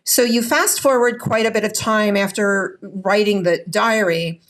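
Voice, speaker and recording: A woman physician and author as a podcast guest, talking in an energetic, emphatic way and often adding "right?". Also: medium pitch, unhurried. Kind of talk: conversational interview storytelling.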